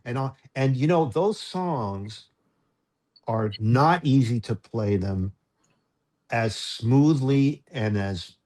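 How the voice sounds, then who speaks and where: Man, low voice, halting and self-interrupting, emotional, casual interview storytelling. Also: a little mellow. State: choked up. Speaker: guest musician.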